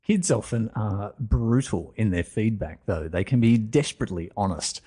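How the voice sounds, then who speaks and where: Low, husky male interviewer. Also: animated, moderate pace, mellow. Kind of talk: radio interview.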